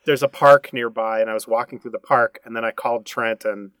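A man recorded close on a dry mic, telling his part of a story. He speaks in a relaxed, halting way, pausing between thoughts. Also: mid-range voice, no room sound. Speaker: guest. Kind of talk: casual storytelling.

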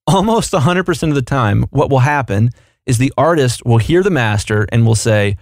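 A man co-hosting a podcast explains things in a coaching way during casual chat. His voice is mid-pitched and recorded dry and close to the mic. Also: animated, normal speed, no echo. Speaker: podcast co-host.

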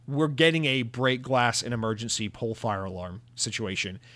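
A young man giving a sarcastic, profane rant as a gaming commentator, mocking companies with quick impressions. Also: medium pitch, fairly even intonation, a bit bright, dry recording. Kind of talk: ranting video commentary.

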